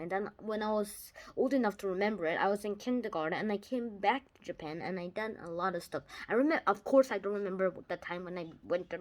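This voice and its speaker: A child giving a casual spoken video report, explaining things eagerly in a rambling way, with many restarts and lively jumps in pitch and loudness. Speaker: video reviewer.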